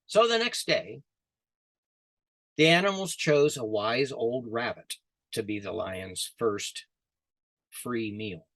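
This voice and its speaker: A man telling a folk tale to friends over a video call, relaxed and often repeating his words. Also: mid-range voice, slow, pauses often, no room sound. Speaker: storyteller, group organizer. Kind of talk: oral storytelling narration.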